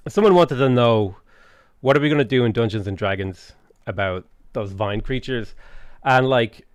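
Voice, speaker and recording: A man's voice: mid-range voice, clear, resonant tone, dry recording, studio quality. A man casually chatting on a livestream while gaming, rambling and swearing freely, with jokey asides to chat. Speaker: streamer.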